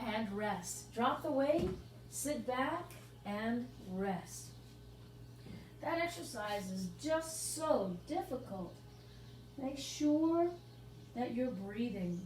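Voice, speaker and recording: A woman pilates instructor guiding a workout class and counting out the moves in a steady rhythm. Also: on the high side, takes it slowly. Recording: echoey room, mic at a distance, faint hum.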